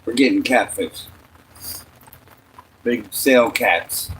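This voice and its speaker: A man's voice: lowish voice, very slow, a bit bright, a little hiss or hum, low-quality recording. A man chatting casually with a friend while fishing outdoors, laid-back and offhand. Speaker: fishing companion. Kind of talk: casual chat.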